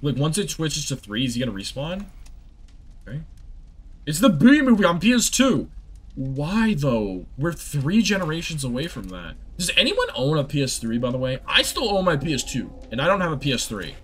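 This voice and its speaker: A man's voice: a little high, very animated, normal speed, breathy edge. A young man giving rambling, exasperated live commentary while he streams a game and talks to his chat.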